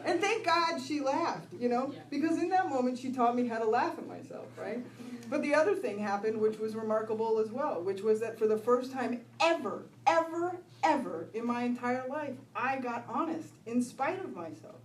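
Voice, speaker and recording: A middle-aged woman with a slightly high voice shares her recovery story in a casual, animated way. She laughs easily and keeps checking in with the crowd. The sound is distant and echoey, as if recorded from across a meeting hall. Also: moderate pace. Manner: lively storyteller, laughs often, keeps asking "right?". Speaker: recovery speaker. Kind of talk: personal recovery talk to an audience. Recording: echoey room, voice from far off.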